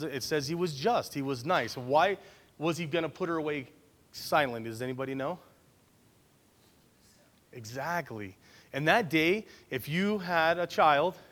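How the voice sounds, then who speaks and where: A man's voice: a little high, fairly bright tone. A man preaching a conversational Bible-study sermon, often checking in with his listeners by asking "right?".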